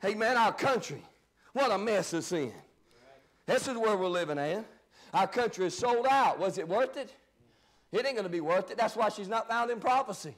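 A man preaches a fiery sermon from the pulpit. His voice sits very high for a man. He shouts his main points and falls to low, muttered asides in between. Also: lively intonation, moderate pace. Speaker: pastor.

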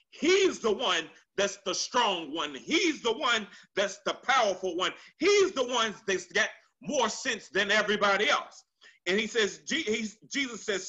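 A man's voice: sits high, sharp tone, muffled recording. A man preaching a Sunday sermon in church, repeating lines for emphasis and stretching out scripture quotes. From United States. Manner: drawn-out, swooping delivery on quoted scripture. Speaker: pastor. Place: church sanctuary. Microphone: handheld microphone.

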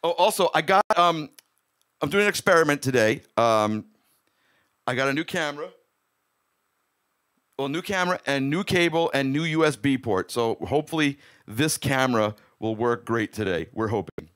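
A man's voice: mid-range voice, expressive, moderate pace, a bit bright. A man hosting his own music live stream from a home room, chatting casually and rambling as he greets viewers by name.

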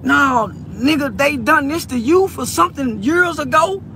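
A man's voice: very high voice, lively intonation, measured pace, bright, forceful tone, slight background noise. A tearful man speaking straight to camera in an emotional monologue, stammering through repeated words and pleading from the heart. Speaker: online personality addressing a peer.

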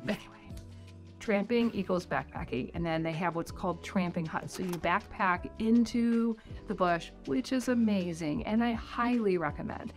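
A woman's voice: fairly low pitch, moderate pace. A middle-aged American woman vlogging tips on life abroad, in a rambling, chatty way full of "like". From United States. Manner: chatty, rambling, heavy use of "like". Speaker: vlogger giving tips on life in New Zealand. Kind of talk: casual talking-head vlog. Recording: faint music underneath.

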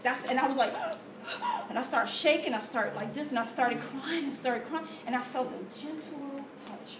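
Woman with a high voice sharing an animated testimony, recorded from far off in a roomy space. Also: a little fast, crowd noise. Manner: animated storytelling with gasps and quoted prayers. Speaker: testimony speaker. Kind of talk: church testimony. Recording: echoey room from far off with noise.

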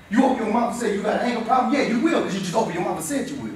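A man, a former player, giving a passionate and repetitive motivational speech straight to a high school football team. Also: expressive, racing. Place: school locker room. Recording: echoey room, picked up from a distance.

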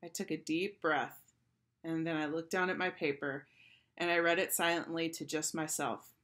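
Woman teacher, lower voice, expressive storybook read-aloud for kids. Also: normal speed. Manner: expressive first-person storytelling.

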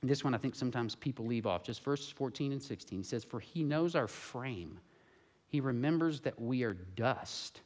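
A man preaching a sermon as pastor in a church sanctuary, swinging between hushed and loud. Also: mid-range voice, expressive, moderate pace.

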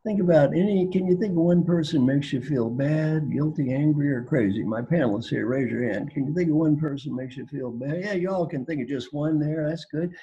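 An older man from Kentucky giving a folksy, playful talk as guest speaker on a video call, with a raspy voice. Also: a little high, brisk, few pauses, warm tone, lo-fi sound, slight background noise. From Kentucky, United States. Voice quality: gravelly, raspy. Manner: playful, teasing, repeats phrases for effect. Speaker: guest speaker, executive coach.

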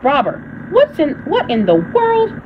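A woman voicing a startled, fussy woman cook in a castle kitchen, with shrill, high exclamations. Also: huge pitch swings, unhurried, heavily acted. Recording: dull recording with loud air conditioner hum.

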